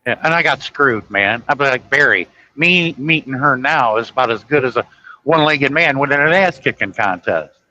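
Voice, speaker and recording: A man's voice: medium pitch, expressive, moderate pace, bright, forceful tone, dull audio, slight background noise. A man telling a long, rambling story in casual chat, acting out the dialogue as he goes. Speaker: guest storyteller.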